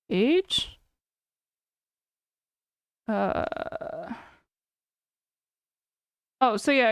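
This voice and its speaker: A woman's voice: fairly high pitch, clean tone, dry recording, clean studio sound. A woman in her thirties reacting on a live stream, thinking aloud in a chatty way with many fillers and self-corrections. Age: 30s. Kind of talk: casual live-stream commentary.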